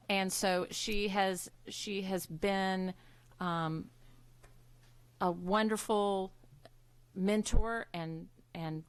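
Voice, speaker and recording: A woman's voice: medium pitch, smooth, dry recording. A woman presiding over a public school board meeting, giving a heartfelt tribute with frequent fillers and restarts. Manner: warm, halting, with many fillers and restarts.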